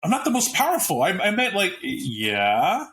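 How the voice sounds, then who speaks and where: A panicky vampire justicar whines in a thin, raised voice, as a man puts him on mid-discussion. He sounds self-pitying and shrill, far above the speaker's usual pitch. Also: huge pitch swings, moderate pace, a bit bright, a little hiss or hum, heavily acted. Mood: whining.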